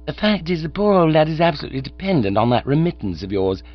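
Man voicing a breezy slangy young english gent, chummy, lively pitch, dull recording, mains hum. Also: quick pace, faint music behind. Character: breezy young English gentleman-about-town.

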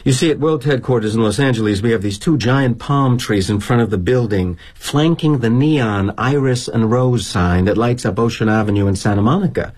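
A man's voice: medium pitch, moderate pace, hardly any pauses, darkish tone, husky, lightly acted. A middle-aged man performing a theatrical monologue as a corporate executive, wry and sardonic in a confiding tone.

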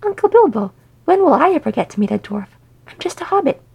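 A woman's voice: a little high, lively intonation, moderate pace, creaky, breathy edge, lo-fi sound, heavily acted. A woman doing a shy, eager boy hobbit.

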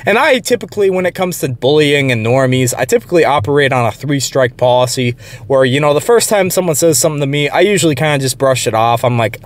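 A man's voice: medium pitch, animated, fast. A young man telling a long workplace story in a blunt, profane, rambling way. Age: young adult. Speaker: channel host. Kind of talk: casual storytelling rant.

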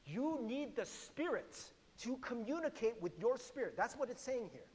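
This middle-aged male pastor's voice is strikingly high and slightly rough, and he preaches at a moderate pace. Chatty and animated, he laughs often and questions his audience while his words echo with long reverb, as though in a big hall.

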